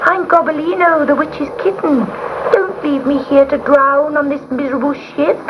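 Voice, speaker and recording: A woman voicing a frightened little male kitten, crying out in a high, pleading voice, on a muffled recording with hiss. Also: fairly even intonation, normal speed, natural voice. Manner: high pleading cries, sobbing.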